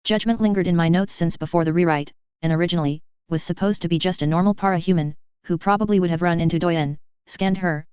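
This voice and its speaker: An audiobook narrator reading a fanfiction story aloud in an even, measured way, first with an author's note and then with the chapter. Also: mid-range voice, clear, resonant tone, no room sound, lo-fi sound.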